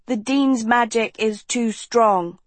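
A woman's voice: on the high side, slow, no room sound. Woman doing a storybook teen boy, tired, sardonic, impatient, dry sound. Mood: weary. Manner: weary, snorting sarcasm.

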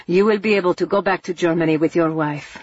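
A woman's voice: on the low side, fast, husky, no room sound, muffled recording. A woman reading as a defiant male priest. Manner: challenging and quiet.

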